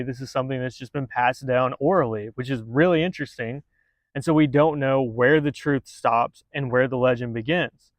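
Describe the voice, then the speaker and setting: A man's voice: mid-range voice, dry recording. A man casually narrating a local legend, chatty and sarcastic, with frequent swearing. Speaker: storyteller.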